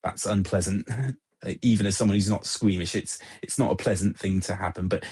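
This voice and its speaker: Husky man with a Southern English accent. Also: deep voice, flat delivery, brisk, dark tone. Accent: Southern English, Oxfordshire. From Southern England. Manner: repeats words, restarts, chuckles often. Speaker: caller. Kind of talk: casual chat.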